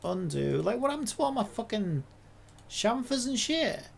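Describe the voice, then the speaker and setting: A woman's voice: fairly high pitch, very animated, moderate pace, gravelly, breathy edge. A woman, a game developer, talking to herself in a casual dev log, frustrated and swearing a lot.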